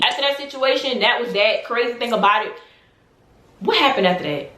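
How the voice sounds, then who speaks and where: A woman in her twenties telling a storytime tale to her vlog audience, animated and emphatic, full of slang. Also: on the high side, fairly quick, reverberant, noisy background. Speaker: vlogger.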